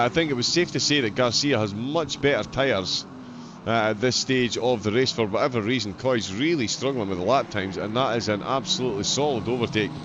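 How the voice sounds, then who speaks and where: Scottish male race caller, casual stream host, filler-heavy; muffled audio with engine noise underneath. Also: medium pitch. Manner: chatty, frequent uh fillers, self-deprecating. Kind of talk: live sim-racing commentary. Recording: dull lo-fi audio with loud race car noise.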